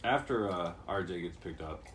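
Young guy, very low pitch, casual swearing storyteller, faint noise behind. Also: expressive, moderate pace, a bit bright. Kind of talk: casual chat.

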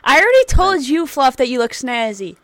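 A chatty woman co-hosting a podcast, speaking in a fairly high voice with an easy, teasing manner. Her mic sounds close and dry, with no room echo. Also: very animated, fairly quick. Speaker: podcast co-host. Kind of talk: casual chat.

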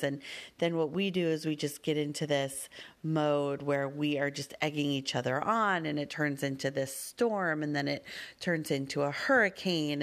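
A woman with a notably low voice tells a family story as a mother, chatting casually to her listeners. She talks at length, wanders through her story and leans on plenty of fillers. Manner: wordy, rambling, with many fillers.

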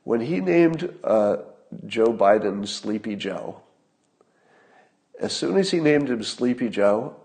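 Gravelly low-voiced man musing on politics. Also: expressive, slow, long pauses, darkish tone. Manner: conversational, digressive, chuckles at his own points. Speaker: podcast host. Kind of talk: solo political commentary.

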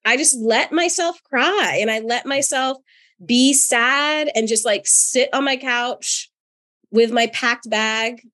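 A woman from North Carolina co-hosting a podcast as a therapist, telling personal stories in an animated, chatty way with frequent laughter. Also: on the high side, slow pace. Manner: animated, laughs often, chatty with many fillers. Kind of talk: casual chat and personal storytelling.

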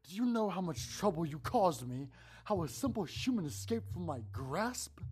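A man's voice: medium pitch, very animated, normal speed, mellow, slightly rough. A man voicing a cruel, vengeful hooded monster man who speaks with a sneering, threatening manner. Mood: menacing.

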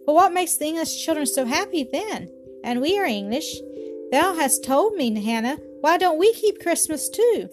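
A woman's voice: sits high, sing-song, normal speed, over music, voice pushed up. A woman voicing a curious six-year-old girl who talks in old-fashioned thee and thou speech. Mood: eager.

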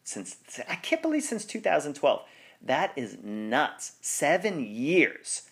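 A man's voice: fairly high pitch, sing-song, takes it slowly, a bit bright. A man hosting a sports podcast in casual chat, rambling and correcting himself, with frequent laughs. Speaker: podcast host.

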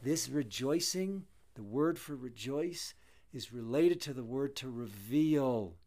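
A man's voice: mid-range voice, expressive, slow pace, dark tone. Man, Bible teacher, earnest, emphatic, repeats key phrases, conversational study.

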